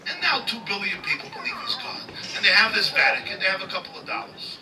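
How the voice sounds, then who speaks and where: A man, a rabbi, giving a lecture as humorous storytelling, animated as he tells it. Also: high-pitched, quick pace. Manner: animated, voices the characters in his story. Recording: distant mic with room noise.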